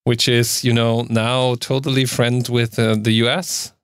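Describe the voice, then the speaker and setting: A man from Germany whose first language is German chats on a podcast, explaining things patiently with lots of ums and uhs. His voice sits at an ordinary middle pitch. The sound is dry and close. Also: little pitch movement, a little slow, smooth, no room sound. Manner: explains carefully, hesitant fillers. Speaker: podcast co-host. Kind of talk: casual chat.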